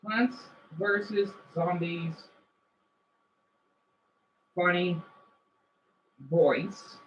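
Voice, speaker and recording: A woman streaming a game on her phone and chatting excitedly with her viewers, often restarting her sentences. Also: lowish voice, extremely slow, a little hiss or hum. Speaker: game streamer reading chat. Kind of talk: casual livestream chat. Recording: dull lo-fi phone audio.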